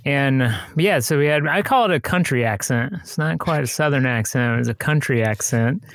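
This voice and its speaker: A man's voice: mid-range voice, expressive, moderate pace, a bit bright, no echo. A man from rural Indiana hosting a podcast, asking long, rambling questions. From rural Indiana, USA. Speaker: podcast host. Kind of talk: podcast interview.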